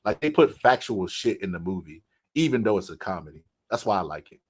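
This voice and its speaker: Low-voiced man, slangy casual talk. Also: fairly quick, breathy edge. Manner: loose slangy talk, says "bro" constantly; lively storyteller, acts out quotes. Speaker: podcast host. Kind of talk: casual chat.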